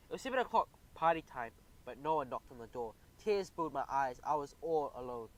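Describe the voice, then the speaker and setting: A man narrating a children's audiobook in the first person, animated and expressive. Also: medium pitch, moderate pace, low-quality recording.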